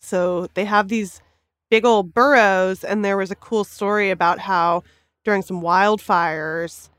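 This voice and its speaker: A woman who is a guest writer on a podcast, talking in a chatty, laughing way with quick asides. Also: mid-range voice, steady tone, fairly bright tone, no echo. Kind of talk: casual podcast chat.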